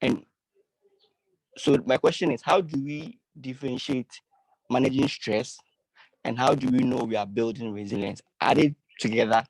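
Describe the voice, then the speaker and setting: A man's voice: medium pitch, normal speed, creaky, dry recording, rough recording. Polite man asking a question, dry sound. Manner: polite, formal and earnest. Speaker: audience member asking a question. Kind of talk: audience question.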